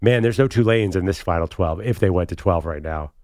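A man in a studio debate on a sports show argues quickly and emphatically, his voice sitting low. The sound is dry and close, with no room around it. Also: darkish tone, no echo. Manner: fast, emphatic, argumentative. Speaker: sports talk co-host. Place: studio set.

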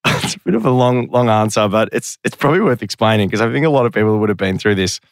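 A self-deprecating man who rambles through long stories as a guest. His voice sits low but swings widely in pitch. The sound is close and dry. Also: expressive, fast talker, dry recording. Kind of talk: casual podcast interview.

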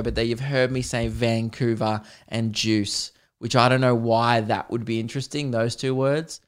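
A man's voice: mid-range voice, clear, resonant tone. An Australian man hosting his own podcast, talking casually on his own in rambling, self-deprecating tangents. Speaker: podcast host. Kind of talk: casual solo podcast monologue.

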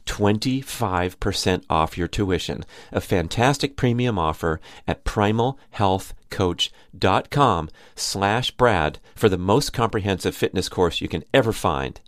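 A man's voice: low-pitched, animated, a little slow, hardly any pauses, dry recording, studio quality. A man enthusiastically reading a scripted ad for his own course. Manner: enthusiastic, salesy. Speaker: podcast host reading an ad. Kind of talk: scripted ad read.

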